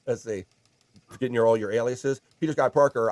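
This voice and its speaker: A man's voice: fairly low pitch, quick pace, dry recording. A man hosting a casual livestream, chatting and reading viewer comments aloud in a jokey, playful way. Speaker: livestream host.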